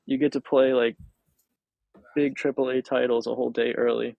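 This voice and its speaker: A man with a gravelly, creaky voice co-hosts a podcast, rambling along in easygoing chat. His voice sits dry and close on the mic. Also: mid-range voice, level tone, normal speed, no room sound, dull audio. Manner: easygoing, rambling, casual swearing. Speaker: podcast co-host. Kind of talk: casual chat.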